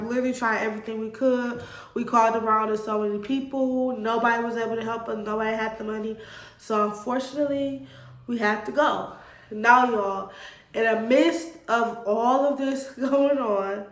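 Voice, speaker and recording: A woman's voice: a little high, echoey room. A woman, telling a personal story to camera in an earnest, emotional way and addressing viewers as y'all. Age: 20s. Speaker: vlogger.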